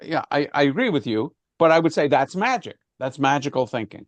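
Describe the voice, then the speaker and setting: A man's voice: on the high side, big pitch swings, fairly quick, dry recording, highs cut off. A man leading an informal class discussion, talking conversationally with frequent restarts and fillers. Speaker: class teacher.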